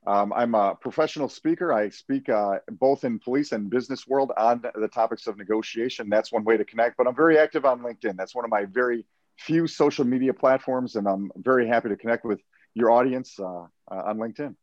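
Measured man explaining negotiation tactics. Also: mid-range voice, a little mellow, dry recording, highs cut off. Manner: measured, explanatory, repeats words at starts of phrases. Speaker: hostage negotiator and professional speaker. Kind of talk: podcast interview.

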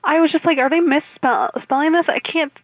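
A woman's voice: sits high, fairly quick, dry recording, phone-quality sound. A woman producer chatting casually on a radio show, unsure and full of "like". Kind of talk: casual chat.

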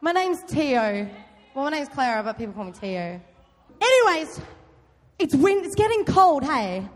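A young woman giving a loud, chatty youth talk, often quizzing her audience. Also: high voice, very animated, unhurried, soft background music. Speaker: youth group speaker. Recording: long hall reverb.

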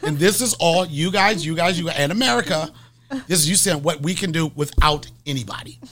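A man hosting a podcast, telling stories in loud, animated, laughing comedic banter. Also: fairly high pitch, a little fast. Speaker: podcast host.

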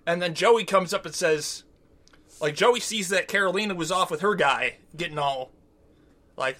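A man's voice: a little high, moderate pace, a bit bright. A man co-hosting a podcast, recapping a show in casual, profane, rambling chat and acting out quotes. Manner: rambling, profane, acts out quotes in silly voices. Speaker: podcast co-host.

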